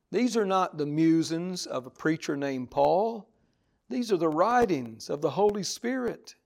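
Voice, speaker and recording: A man's voice: a little high, vocal fry. A man preaching a sermon, reading scripture aloud and driving each point home with emphasis. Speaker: pastor.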